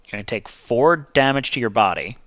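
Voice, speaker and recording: A man hosting a streamed board game, his pitch leaping around as he talks. He reads rules and counts dice aloud in a chatty, easygoing way, recorded dry and close to the mic. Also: lively intonation, fairly quick, a bit bright, no echo. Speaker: game host. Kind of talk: casual board game play over a stream.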